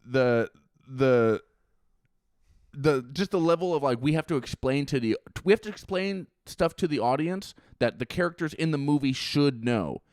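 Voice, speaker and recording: A man co-hosting a podcast, recapping a film in casual chat with sarcastic, animated jabs and frequent swearing. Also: medium pitch, normal speed, dry recording, studio quality. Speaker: podcast co-host.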